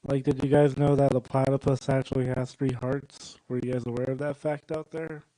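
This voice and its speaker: A young man doing a stand-up set at a comedy club, rambling and working the crowd with deadpan asides. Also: mid-range voice, normal speed, dry recording, rough recording.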